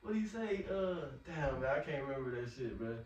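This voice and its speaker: A man's voice: on the high side, sing-song, fairly quick, a little mellow, highs cut off, a little hiss or hum. A man preaching in a casual, slangy way, often repeating words as he talks. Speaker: street preacher. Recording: echoey, from far off.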